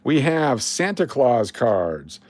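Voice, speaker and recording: Guy running a coin livestream, sarcastic and blunt, middle pitch, dry sound. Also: sing-song, takes it slowly, a little mellow, no room sound. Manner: blunt, sarcastic, swears casually. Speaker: livestream host. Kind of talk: casual livestream chat.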